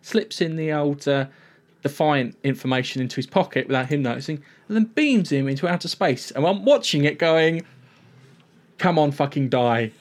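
Man co-hosting a casual chat, slightly high voice, rambling recap with plenty of swearing. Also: fairly quick. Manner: rambling, swears freely, animated retelling.

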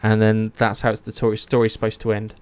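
A young man casually retelling myths, animated, swearing and acting out the characters' lines. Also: lowish voice, a little fast, clean tone. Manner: animated storytelling, swears, acts out quotes. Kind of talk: casual chat.

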